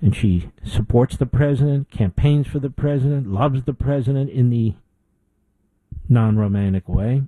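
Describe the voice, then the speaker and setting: A man's voice: medium pitch, normal speed, mellow, dry recording, poor audio. A middle-aged man hosting a political talk show, delivering an indignant opinion monologue with emphatic repetition.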